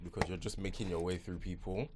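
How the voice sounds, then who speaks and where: A man co-hosting a podcast in casual chat, playful, finishing his friend's sentences with quick camp asides. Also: low-pitched, fairly even intonation, darkish tone, slight background noise. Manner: playful, chiming in, camp exclamations. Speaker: podcast co-host.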